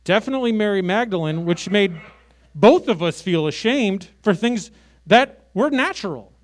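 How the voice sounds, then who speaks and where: A man in his late thirties from Chicago doing a brash, sarcastic stand-up comedy set with big swings in loudness. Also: sits high, expressive, moderate pace. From Chicago, USA. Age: 30s.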